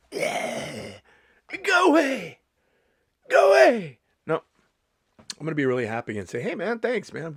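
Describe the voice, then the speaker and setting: A middle-aged male stand-up comedian talking casually to camera, animated and profane, often restarting his sentences. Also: medium pitch, no room sound, clean studio sound. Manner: animated, swearing, restarts a lot. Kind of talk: casual vlog monologue.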